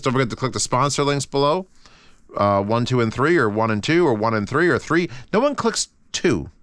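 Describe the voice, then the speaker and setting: A man's voice: mid-range voice, fairly bright tone, clean tone, dry recording. A man casually reviewing earphones, rambling and swearing with frequent restarts. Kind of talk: casual unscripted product review.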